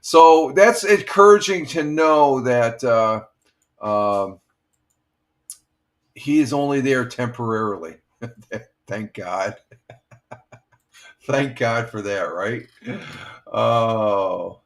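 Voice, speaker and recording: Rambling older man chatting on a live stream. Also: medium pitch. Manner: rambling, halting, reads chat comments aloud. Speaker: livestream host. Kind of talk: casual live-stream chat.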